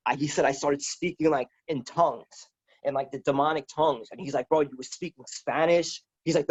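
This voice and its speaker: A man's voice: fairly high pitch, breathy edge. A man, a guest on a show, telling a personal story in casual talk, rambling, restarting and quoting others. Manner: rambling, repeats words and restarts; quotes others with "he's like". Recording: dull lo-fi sound.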